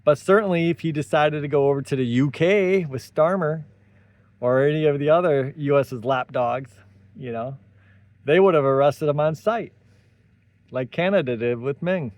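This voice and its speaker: A man's voice: on the high side, moderate pace, a little mellow, dry recording. A man hosting a solo tech commentary, talking animatedly with sarcastic asides and tangents. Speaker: tech commentary channel host.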